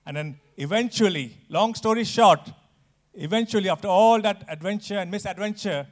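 A man preaching a sermon, earnest and emphatic, with restarts and dramatic pauses. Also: fairly high pitch.

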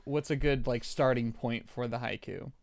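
A man's voice: mid-range voice, normal speed, gravelly, no echo. A man co-hosting a podcast, chatting casually in a joking, rambling way and laughing often. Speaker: podcast co-host. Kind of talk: casual chat.

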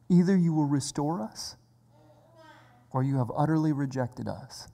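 Slow, earnest preacher in a reverberant hall. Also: mid-range voice, gravelly, dark tone. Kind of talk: sermon. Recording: long reverb of a large hall.

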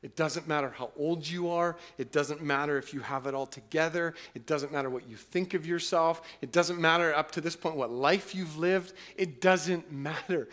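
Guy preaching, fairly high voice, gets loud then drops real low and quiet. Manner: acts out listeners' doubts in a casual, halting voice. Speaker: pastor. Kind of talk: sermon.

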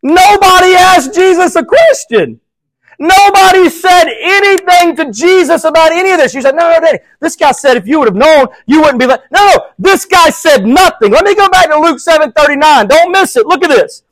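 A man preaching as a pastor, passionate, swinging between loud emphasis and hushed, quiet quoting. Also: very high-pitched, lively intonation, normal speed, no echo, poor audio. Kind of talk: sermon.

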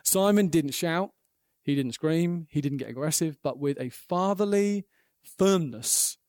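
Male preacher, high-pitched, animated storyteller, dry close sound. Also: a little slow, dry recording. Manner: earnest, animated storytelling with acted quotes. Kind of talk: sermon.

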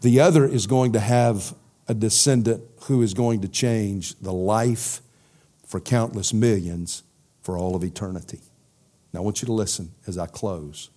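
A middle-aged man preaching a sermon and then answering questions from his congregation, emphatic, sinking to a soft intensity at key points. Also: fairly low pitch, fairly even intonation, moderate pace.

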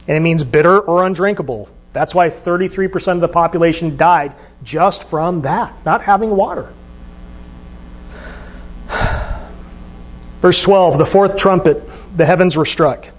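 A man's voice: fairly high pitch, measured pace, pauses often. A man preaching a sermon, talking in a conversational way and asking the listeners questions. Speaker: pastor.

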